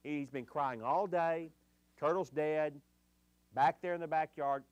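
A man voicing a worried mother in a sermon story, speaking quickly and urgently. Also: fairly high pitch, no room sound, highs cut off, natural voice.

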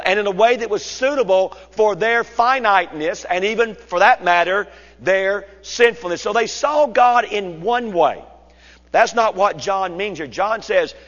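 Male preacher with a high voice, slow and emphatic, recorded lo-fi in a church sanctuary. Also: a bit bright. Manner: slow, deliberate, emphatic phrasing. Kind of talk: expository sermon. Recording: dull lo-fi sound in a reverberant hall.

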